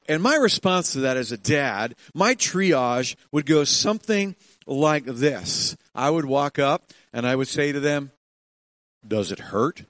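An older man preaching a sermon, telling family stories with soft laughs and swinging between hushed and emphatic delivery. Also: sits high, no echo, clean studio sound. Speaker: pastor.

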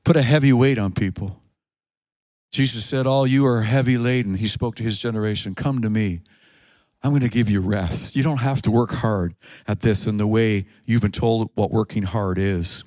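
A man preaching a sermon, moving between quick spoken stretches, slow drawn-out phrases and sudden shouted peaks. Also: on the low side, no room sound. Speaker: pastor.

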